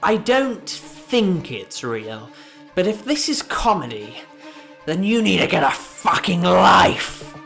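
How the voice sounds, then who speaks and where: A man voicing indignant online commenters in an attempted Birmingham accent, loud and scolding. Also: high voice, very animated, takes it slowly, vocal fry, over music, voice pushed up, heavily acted. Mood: outraged. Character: outraged indignant Facebook commenters, adult.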